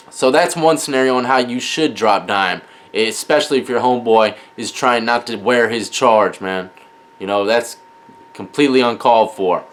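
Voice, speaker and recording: A man vlogging, telling a story to camera in an animated, slangy, dramatic way. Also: mid-range voice. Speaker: gaming streamer and vlogger.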